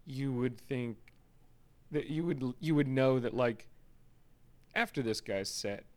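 A man's voice: mid-range voice, a little slow. A man making wry, teasing comments in a casual chat among comedians.

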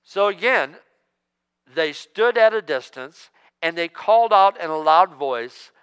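A man in his sixties preaching a sermon as pastor, joking and emphatic, swinging between loud outbursts and hushed asides. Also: on the high side, expressive, unhurried, clean tone, big-room sound. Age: 60s.

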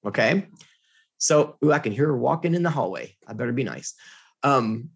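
A man, a guest in a conversation, telling a personal story in an animated, earnest way. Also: medium pitch, moderate pace, vocal fry, breathy edge.

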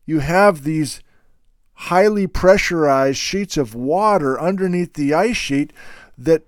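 A man hosting a casual, unscripted talk about geology. He speaks in an emphatic, animated and opinionated way. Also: a little high, slow, no echo, clean studio sound. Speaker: host.

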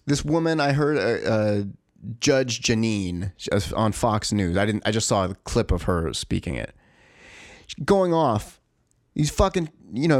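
A man's voice: medium pitch, expressive, moderate pace, no echo, studio quality. Profane exasperated man ranting. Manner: profane, exasperated, rambling with restarts. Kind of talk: ranting monologue.

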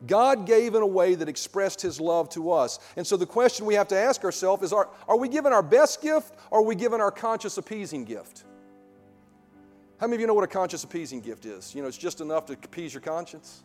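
A middle-aged male pastor preaching a sermon in a church sanctuary, emphatic, full of rhetorical questions, building to loud peaks. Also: sits high, lively intonation, a little fast, big-room sound, soft background music.

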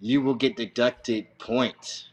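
A man's voice: medium pitch, steady tone, slow, dull audio. A man who coaches wrestling, a guest in a casual interview, telling stories in a rambling way with plenty of swearing and laughter. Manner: swears freely, laughs a lot, rambling storyteller. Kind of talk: casual chat.

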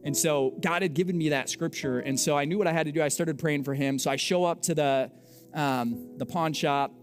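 Animated storytelling pastor, man. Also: on the high side, brisk, soft background music. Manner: animated, self-mocking, acts out dialogue. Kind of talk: storytelling sermon.

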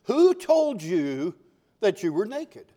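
A man voicing a patient, fatherly divine figure who asks gentle questions in a conversational way. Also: sits high, wildly swooping pitch, takes it slowly, exaggerated voice. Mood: puzzled.

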